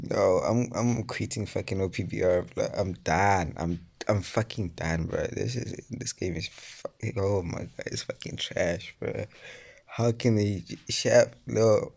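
Young man, gaming vlog commentary, husky voice, slow drawl, frustrated, swearing, whispering at times. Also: sits low, a little mellow. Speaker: mobile game YouTuber.

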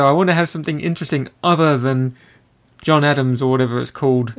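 A man's voice: medium pitch, fast. A man co-hosting a casual podcast, steering the talk along and teasing with jokes. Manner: jokey, teasing. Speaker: podcast co-host. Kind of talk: casual chat.

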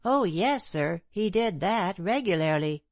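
A woman voicing a humble, timid working-class widow who pleads and apologizes, raised a little above her own lower voice. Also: animated, a little slow, no echo. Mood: timid pleading. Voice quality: ungrammatical, pleading speech.

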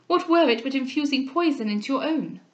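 A woman reading the part of an older gentlewoman and mother, earnest and insistent, in a formal manner. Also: high voice, lively intonation, brisk, dull audio, pitched above the performer's own voice.

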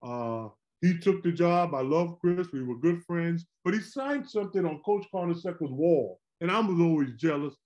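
A middle-aged man, a former pro basketball player, telling animated, rambling stories on a podcast. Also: on the high side, moderate pace, few pauses. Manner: animated, rambling, repeats words. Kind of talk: casual storytelling chat.

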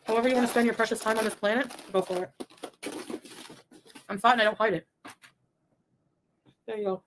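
A woman's voice: on the high side, fairly even intonation, brisk, background noise. A woman co-hosting a casual livestream, reading chat messages with sarcastic remarks and frequent laughter. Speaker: livestream co-host.

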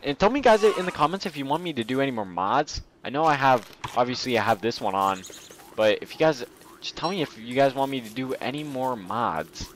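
A young man giving goofy, excitable let's play commentary while playing a game. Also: mid-range voice, fairly quick, a little hiss or hum. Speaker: gameplay commentator.

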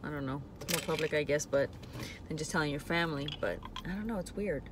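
A woman with a lowish voice talks to her camera from a parked car, faint traffic noise outside. She sounds emotional and close to tears, and her sentences wander and trail off. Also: fast. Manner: hesitant and rambling, many trailing-off phrases. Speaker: vlogger. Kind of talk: casual confessional vlog. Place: parked car in a parking lot.

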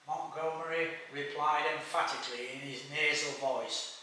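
A man's voice: on the high side, steady tone, measured pace, pushed and bright, a little hiss or hum. A man giving a read-aloud history lecture, reading steadily from notes with small stumbles. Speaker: speaker giving a history talk. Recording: echoey room from a distance.

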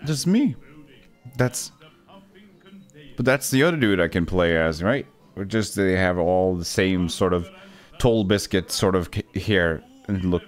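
A man playing a game for a video, joking sarcastically and jumping into sudden loud, high yelps. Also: expressive, a little slow, soft background music. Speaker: gaming YouTuber. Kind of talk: let's play commentary.

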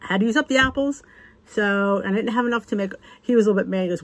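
This casual cooking demonstration features a U.S. vlog host whose mid-range voice comes out rapid-fire. She chats and rambles her way through a recipe for viewers, though the audio is poor.

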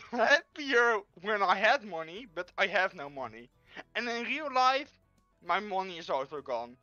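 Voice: mid-range voice, sharp tone, no echo, highs cut off. A speaker giving an improvised comic talk, rambling and laughing mid-sentence. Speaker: improv game player.

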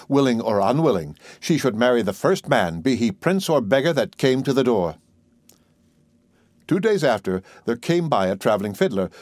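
A man's voice: medium pitch, a little mellow, no room sound, studio quality. A man narrating a fairy tale in a storytelling manner, reading aloud with brief voiced quotes.

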